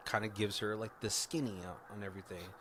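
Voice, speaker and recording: A man's voice: fairly low pitch, fairly even intonation, quick pace, fairly bright tone. A man casually retelling a movie plot on a podcast, rambling and swearing, with laughs. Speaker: podcast co-host. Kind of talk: casual movie recap chat.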